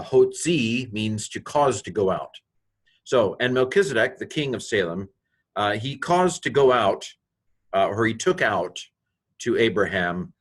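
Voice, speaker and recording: Husky older man teaching Hebrew grammar. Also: fairly low pitch. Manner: rambling, self-joking, full of fillers and restarts. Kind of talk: recorded grammar lecture.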